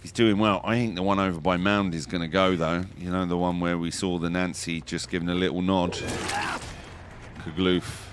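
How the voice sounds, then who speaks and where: Low-voiced man commentating with excited outbursts. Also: normal speed, a little hiss or hum. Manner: chatty, jokey, bursts into excited high exclamations. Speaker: esports commentator. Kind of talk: live game commentary.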